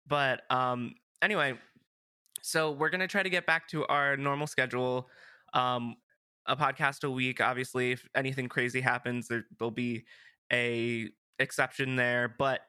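A young man hosting a casual podcast, his voice bright and forward. He rambles along with plenty of fillers and restarts, and the recording is close and dry. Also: mid-range voice, no echo. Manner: chatty, rambling, filler-heavy. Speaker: podcast host. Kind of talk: casual chat.

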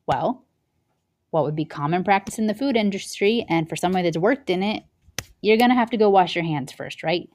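A woman's voice: fairly low pitch, lively intonation, a little fast, darkish tone. A young woman hosting a parenting show, talking casually and acting out little scenes in different voices. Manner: chatty, acts out little scenes with changing voices. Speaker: parenting podcast host. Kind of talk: casual solo talk.

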